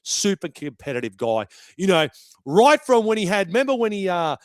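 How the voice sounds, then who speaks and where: A brash young Australian man rattling through casual podcast commentary, swearing as he goes. His voice sits a little high for a man. The sound is dry and close, with no room around it. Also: very animated, normal speed, no room sound. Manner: brash and chatty, swears freely. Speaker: podcast host.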